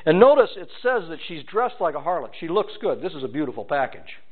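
A man preaching a sermon in a high voice that swings up and down. He keeps asking his listeners questions as he works through a scripture passage. The recording is thin and phone-like. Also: fast talker. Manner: animated, rhetorical questions to the congregation. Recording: tinny phone-like sound.

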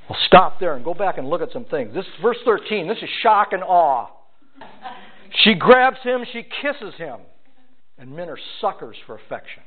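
Animated high-voiced preacher, tinny sound. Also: male voice. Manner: animated, rhetorical questions to the congregation. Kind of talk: sermon.

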